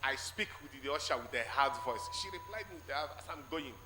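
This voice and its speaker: A man with a Nigerian English accent giving a spoken testimony in church, telling his story haltingly and acting out the conversations in it. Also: medium pitch, expressive. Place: large church hall. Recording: echoey church hall with faint noise.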